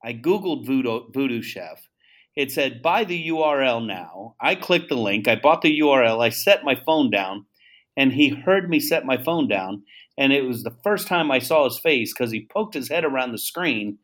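Animated man telling a story. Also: mid-range voice, moderate pace. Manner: animated storyteller acting out dialogue; loose, repeats words and restarts. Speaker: guest, founder of a seasoning brand. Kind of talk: casual storytelling interview.

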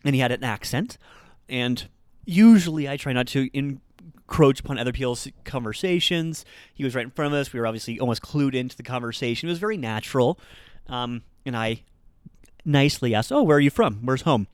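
A man's voice: mid-range voice, fairly quick, smooth, dry recording, studio quality. A man hosting a Japanese-learning podcast, telling a story in a chatty, self-deprecating way with lots of fillers. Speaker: Japanese teacher podcast host. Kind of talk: casual podcast monologue. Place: Utah.

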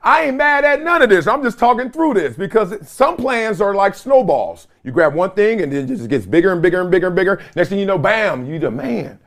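Animated man talking to camera at home. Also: sits high, fairly quick, hardly any pauses. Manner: animated, slangy, laughs often. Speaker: podcast host. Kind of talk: casual solo commentary. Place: home basement. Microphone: video camera or phone.

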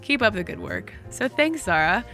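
A woman's voice: mid-range voice, sing-song, moderate pace, pushed and bright, soft background music. A woman co-hosting a podcast, reading listener emails aloud in a chatty, easygoing way. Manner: chatty, laughs easily. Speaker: podcast co-host. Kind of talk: casual chat, reading listener mail.

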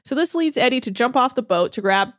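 A woman's voice: on the high side, lively intonation, fast talker, a bit bright, dry recording, studio quality. A woman hosting a podcast, recapping a TV show in casual chat and telling it with animation and laughter. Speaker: podcast host.

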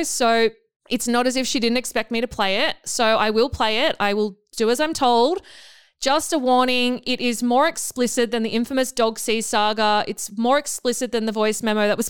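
A woman's voice: a little high, clear, resonant tone, no room sound, studio quality. A woman hosting a podcast, talking casually with sarcastic, self-mocking asides. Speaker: podcast host.

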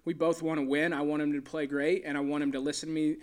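Caddie guy telling a story, kinda higher voice, lots of likes and you knows. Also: level tone, fast talker, a little mellow. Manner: easygoing storyteller, many fillers. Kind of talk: casual interview chat.

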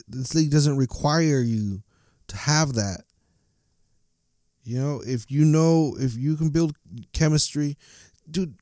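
A man's voice: on the high side, darkish tone, dry recording, studio quality. A man ranting angrily about his soccer team, swearing a lot and tripping over his words. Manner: angry, profane, stumbling ranting. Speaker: soccer fan commentator. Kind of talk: casual ranting monologue.

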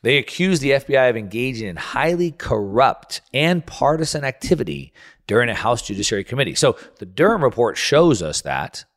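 A man's voice: medium pitch, very animated, a little fast. A man hosting a talk show, ranting through political commentary with frequent restarts. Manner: heated, restarting and stumbling over words. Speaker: radio show host.

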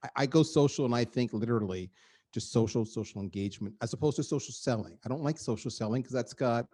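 A middle-aged man, a guest on a podcast, talking in an energetic and emphatic way and repeating words for effect. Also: medium pitch, quick pace, breathy edge. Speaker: guest, marketing executive. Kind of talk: animated podcast conversation.

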